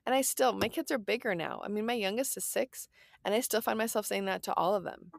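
A woman in her thirties gives casual parenting advice in a mid-range voice with vocal fry, speaking fairly quickly. Chatty, earnest and reassuring, she says "like" and "right?" a lot, and the studio-quality recording has no echo.

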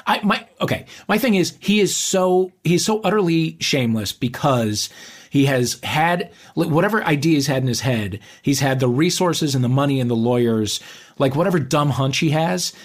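Halting, thoughtful man in casual chat. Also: on the high side, expressive.

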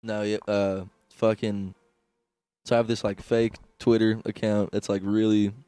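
A man's voice: fairly low pitch, little pitch movement, a little slow, mellow, smooth, no room sound. A young man co-hosting a comedy podcast, rambling crudely with restarts and laughs, hungover. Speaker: podcast co-host. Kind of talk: casual comedy podcast chat.

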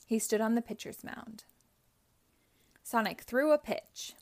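A woman reading a children's chapter book aloud, narrating slowly and carefully. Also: on the high side. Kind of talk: read-aloud storybook narration.

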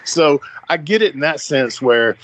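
A man's voice: fairly high pitch, animated, unhurried, a bit bright, slight background noise. A man hosting a podcast in loose casual chat, laughing often and swearing freely. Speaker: podcast host.

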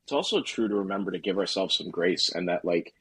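Very husky low-voiced man, easygoing. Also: fast talker, dry recording. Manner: relaxed, rambling, heavy filler words. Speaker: podcast guest. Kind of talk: casual podcast chat.

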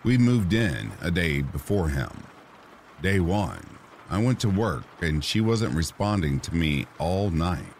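A man with an extremely deep, low voice reads true ghost stories in a slow, soothing bedtime manner. A faint hiss sits under his voice. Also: very animated, a little mellow. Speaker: horror story narrator. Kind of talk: calm sleep-story narration. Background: rain sounds.

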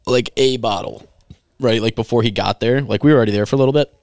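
Young man, fast, filler-heavy storytelling, clear smooth voice, dry room. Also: mid-range voice, darkish tone, no room sound. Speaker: podcast guest. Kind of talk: casual chat.

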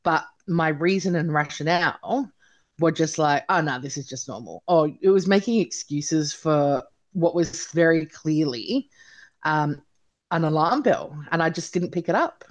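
Chatty and lively, an Australian woman in her thirties tells her story as an interview guest, frequently saying "like" and "you know." She speaks at a measured pace in a low-sitting voice.

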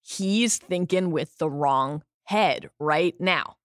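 A woman co-hosting a podcast, chatting casually in a wry, animated way and swearing freely. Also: low voice, slow, no echo, clean studio sound. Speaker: podcast co-host. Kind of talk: casual recap chat.

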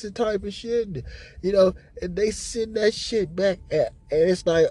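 A man hosting a podcast, telling a profane, animated rant about his job in a casual venting monologue. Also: high-pitched, a little slow, slightly rough. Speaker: podcast host.

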